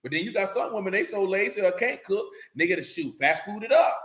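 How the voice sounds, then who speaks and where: Speaking fast and animatedly, a high-voiced male preacher gives a blunt, streetwise sermon in a casual style, often asking if listeners are with him. His tone is fairly bright, and the room rings with echo.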